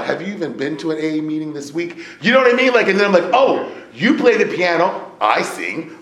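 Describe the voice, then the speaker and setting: A man from the United States speaking to a recovery meeting, talking casually with lots of fillers, sometimes hushed and sometimes shouting. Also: mid-range voice. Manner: animated, swings from hushed to loud shouting; conversational, many fillers and "right?". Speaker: AA speaker sharing his story. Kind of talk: recovery share to a live meeting. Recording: roomy echo, faint room noise.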